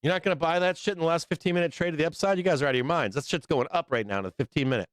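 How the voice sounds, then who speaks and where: A man hosting a live trading stream, chatting casually in a profane, rambling, excitable way. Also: a little high, very fast, dry recording, clean studio sound. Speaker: livestream trading show host. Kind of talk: casual livestream chat.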